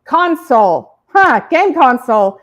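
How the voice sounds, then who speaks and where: A woman plays a distractible boy who takes instructions the wrong way. He answers in a breezy, offhand voice that sits a little high and loud. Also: sing-song, unhurried. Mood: cheerful, oblivious. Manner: casual, offhand, misreading words. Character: distractible boy mishearing his mom.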